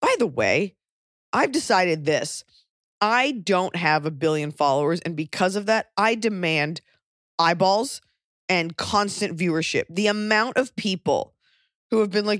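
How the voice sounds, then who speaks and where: A pregnant woman hosting a podcast, talking in casual chat with wry, deadpan jokey rants. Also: on the low side, a little slow, dry recording, studio quality. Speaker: podcast host and touring comedian.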